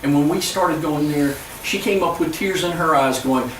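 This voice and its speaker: A man speaking as a pastor, giving an earnest storytelling presentation to church leaders, with halting restarts. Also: on the high side, a bit bright, slight background noise. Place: church hall. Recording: echoey room, from far off.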